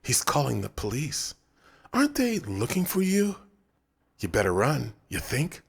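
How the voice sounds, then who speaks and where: A man's voice: medium pitch, huge pitch swings, measured pace, gravelly, slightly rough, pitched above the performer's own voice, full character voice. A man reading an audiobook, voicing a cold, commanding youth who gives curt orders. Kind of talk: audiobook narration.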